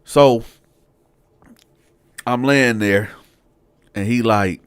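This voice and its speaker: Speaking extremely slowly, this man has a clear, resonant voice captured on a dry recording. He's a show host casually telling his audience a prison story, animated and raising his pitch as he acts out the quotes.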